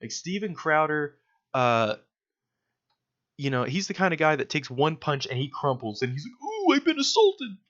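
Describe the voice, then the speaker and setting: A man's voice: a little high, moderate pace, pauses often, a bit bright. A young man giving casual, sarcastic video commentary, mocking his target with lots of fillers. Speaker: political commentator. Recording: dull lo-fi recording.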